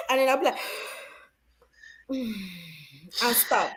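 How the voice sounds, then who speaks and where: A woman from Africa telling personal parenting stories, animated and laughing often. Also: sits high, very slow. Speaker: guest mother. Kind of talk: casual storytelling.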